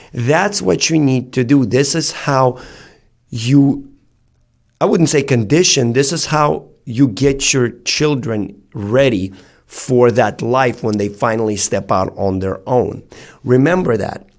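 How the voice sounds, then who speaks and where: A man's voice: medium pitch, a little mellow. A man in his thirties, a self-help speaker, giving an earnest motivational talk and addressing his listeners directly.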